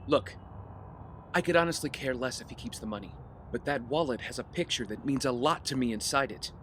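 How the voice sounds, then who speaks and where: An earnest, conciliatory rich young man, played by a man in a mid-range voice, trying to smooth things over. Faint noise sits behind the audio-drama read. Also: mid-range voice, a little fast, fairly bright tone, close to an everyday voice. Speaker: wealthy heir.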